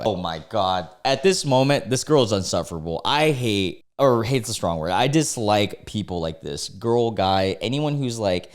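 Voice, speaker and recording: Young man, very deep voice, casual slangy reaction commentary, incredulous, laughs often. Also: expressive, normal speed, few pauses. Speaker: YouTuber reading out online posts.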